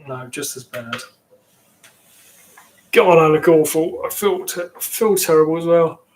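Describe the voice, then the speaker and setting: A man's voice: on the high side, lively intonation, a little slow, a little mellow. A man from England with an English accent, rambling casually as he chats with viewers on his livestream. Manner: rambling, chatty, reacting to viewers. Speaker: livestream host.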